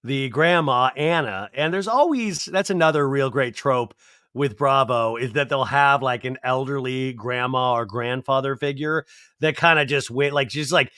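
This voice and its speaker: A man hosting a podcast, giving an animated, digressive, jokey recap of a reality show. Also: mid-range voice, normal speed, clear, resonant tone, dry recording, studio quality. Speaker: podcast host. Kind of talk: casual comedic TV recap.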